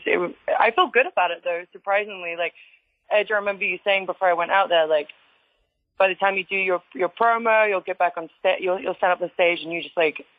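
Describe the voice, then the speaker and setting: An English woman, a retired wrestler, telling stories in a casual interview, chatty, full of "like" fillers and quick laughs. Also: lowish voice, dry recording. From England. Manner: chatty storyteller with constant "like" fillers and frequent laughs. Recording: tinny phone-like line, dry.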